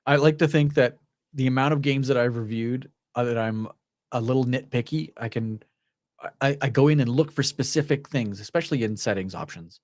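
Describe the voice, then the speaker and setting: A man co-hosting a VR gaming podcast, chatting casually with lots of excitement and some swearing. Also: medium pitch, brisk, no echo. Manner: excitable and effusive, swears freely. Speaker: co-host of a VR gaming show.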